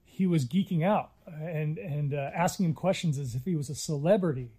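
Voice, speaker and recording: A middle-aged man speaks earnestly as an interview guest. His voice is mellow and a little high, and he often restarts his sentences as he tells a long story. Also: normal speed, slightly rough. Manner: earnest, reflective, with frequent restarts. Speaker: interviewee, Native filmmaker.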